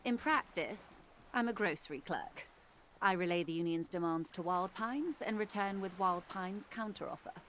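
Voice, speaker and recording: A woman's voice: fairly low pitch, fairly bright tone, a little hiss or hum, close to an everyday voice. A woman voicing a composed, formal female negotiator in a video game, with polished diction. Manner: composed and measured. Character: poised, formal middle-aged woman negotiator. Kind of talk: game voice acting.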